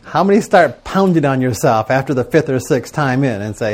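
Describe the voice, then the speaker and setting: A man's voice: medium pitch, animated, normal speed, darkish tone. A middle-aged man giving a sermon to a live audience, telling stories and asking rhetorical questions in a conversational way. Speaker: preacher teaching on prayer and journaling.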